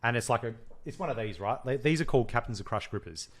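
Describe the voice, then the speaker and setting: A young man co-hosting a podcast, chatting casually and bluntly, swearing freely and telling stories in an animated way while teasing his co-host. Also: mid-range voice, fast talker. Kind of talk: casual chat.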